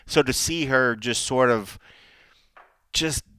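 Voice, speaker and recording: A man's voice: mid-range voice, takes it slowly, a bit bright, clear, resonant tone, no echo. A man co-hosting a casual podcast chat, rambling with restarts and casual swearing. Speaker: podcast co-host.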